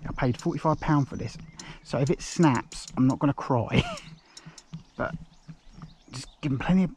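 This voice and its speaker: Outdoors by a lake, a fishing vlogger gives live commentary while fighting a fish, straining with an aching arm. His medium-pitched voice at normal speed bursts with excited, breathless exclamations and muttered asides, with slight background noise.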